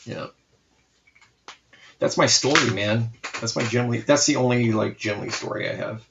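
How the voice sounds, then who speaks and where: A man in his forties, a comic artist hosting a live art stream, telling animated, profane stories in casual chat. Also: medium pitch, normal speed, gravelly, dull audio, background noise.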